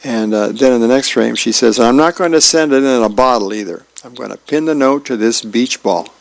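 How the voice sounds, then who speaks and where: A man's voice: mid-range voice, brisk, vocal fry, no room sound, poor audio. A man, a volunteer radio reader, casually reading comic strips and birthdays aloud.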